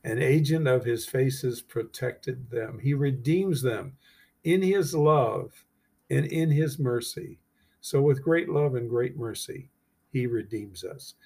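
A man with a husky voice reads scripture aloud at an unhurried, deliberate pace. He stops after each verse to explain it, firing off emphatic rhetorical questions before moving on to the next. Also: mid-range voice, dark tone. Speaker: Bible teacher.

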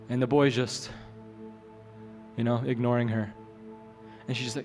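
A pastor preaches in a loose, conversational way, slipping in jokes as he tells a story. His voice rings through a large church hall with a long tail. Soft music plays underneath. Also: mid-range voice, fairly even intonation, normal speed. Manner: conversational, joking asides. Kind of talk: sermon with storytelling.

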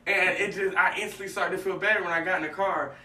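A man's voice: sits high, fast talker. A man hosting a casual faith talk, telling stories animatedly and acting out what people said. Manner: animated storytelling, acts out dialogue. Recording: echoey room, mic at a distance, faint noise.

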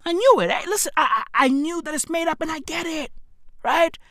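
A high-voiced woman rants in a slow, drawn-out comic monologue, her pitch leaping up and plunging down. The recording is close and dry, with no room sound around her. She swears constantly, calls listeners "bruv", and keeps checking in with "right?". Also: expressive, a bit bright, dry recording. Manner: rambling, profane, keeps asking "right?". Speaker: podcast host. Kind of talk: profane comedic rant.

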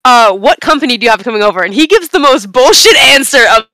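A young woman on a casual podcast, telling a long story in an animated, rambling way with bursts of laughter. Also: a little high, fast, no room sound. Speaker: podcast co-host.

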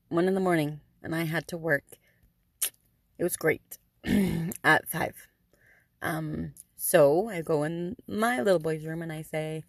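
A woman's voice: sits low, measured pace, no echo. A middle-aged woman telling a story as a podcast host, in a chatty way with many ums and dry sarcasm. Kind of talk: casual storytelling.

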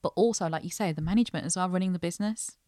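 Smooth-voiced woman chef explaining earnestly. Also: lowish voice, rapid-fire, warm tone, no echo, clean studio sound. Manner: earnest, explains at length with lists. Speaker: chef and business owner, guest. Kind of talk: casual interview chat.

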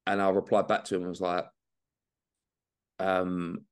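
Laid-back young Englishman, very low voice. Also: completely flat delivery, a little slow, clear, resonant tone. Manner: laid-back, swears freely, says mate and man. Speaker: bodybuilding guest. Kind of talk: casual podcast chat.

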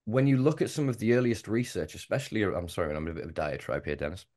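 A man with a fairly low voice hosts a casual podcast chat. He talks in long, heated run-on stretches and swears freely. He is passionate and keeps going. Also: fast talker, a little mellow. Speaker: podcast host.

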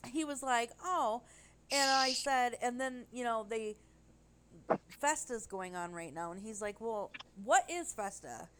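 A woman telling a rambling, animated story in casual chat. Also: a little high, unhurried, a little hiss or hum, low-quality recording.

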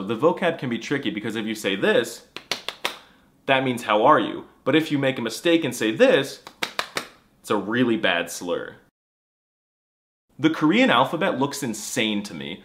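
A man's voice: medium pitch, fairly bright tone. A man delivering a scripted comedy monologue in a mock-serious, snarky, exaggerated way. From United States. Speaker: comedy language creator.

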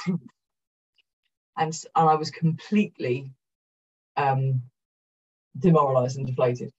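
A middle-aged Welsh woman speaks frankly to a conference audience, joking at her own expense and swearing freely. Her voice sounds breathy and husky, heard from some distance away. The recording is dull and muffled. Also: sits low. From South Wales. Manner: frank and energetic, swears casually, self-deprecating. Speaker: keynote speaker. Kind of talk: candid conference talk. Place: conference room.

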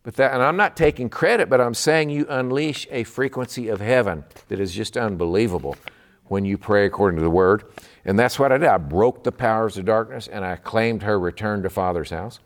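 A man from Texas gives a midweek sermon with fervent emphasis, his voice sitting on the low side. He preaches with conviction and an earnest, pressing drive. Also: brisk. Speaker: pastor.

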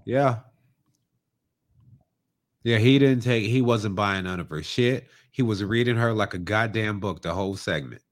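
A young man with a somewhat low voice co-hosts a casual comedy podcast. He speaks in an easygoing way and leans hard on his points. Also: a little slow, long pauses. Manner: laid-back, emphatic, profane. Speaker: podcast co-host.

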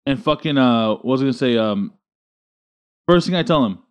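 A man's voice: mid-range voice, expressive, a little fast, smooth. A man telling a story in casual chat, profane and slangy, full of dude and bro.

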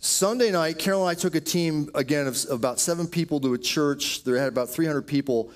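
A man's voice: a little high, brisk. A man preaching a sermon, telling healing stories in a storytelling way with quoted asides. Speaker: pastor. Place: church auditorium.

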